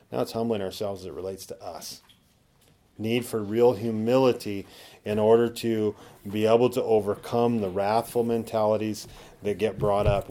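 A man's voice: on the low side, warm tone. A man preaching a sermon, teaching conversationally with tag questions and rising to emphatic peaks when he acts out quoted attitudes. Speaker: pastor.

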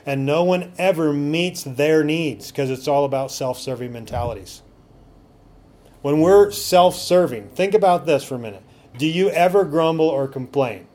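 A man's voice: on the high side, normal speed, a little mellow. A man preaching a sermon as a pastor, often asking the congregation rhetorical questions.

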